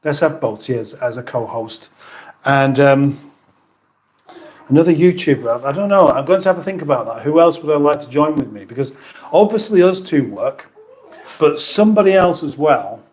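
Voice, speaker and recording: A man's voice: fairly high pitch, expressive, moderate pace, a little mellow. A middle-aged British man hosting a casual livestream, chatting in a rambling, self-mocking way and reading out viewer comments. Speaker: livestream host.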